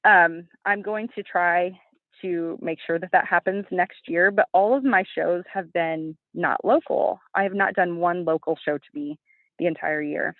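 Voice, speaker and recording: A woman in her thirties, a guest on an interview show, telling stories animatedly and acting out quotes in a high voice. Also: fairly even intonation, unhurried, no echo. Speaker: podcast guest, bodybuilding competitor. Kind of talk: casual interview chat. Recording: tinny phone-like line, dry.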